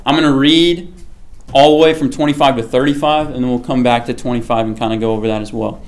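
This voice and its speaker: A man's voice: medium pitch, fairly even intonation, quick pace. A man giving a casual sermon to a small group, chatty and often checking in with the listeners. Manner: chatty, keeps checking in with "okay?".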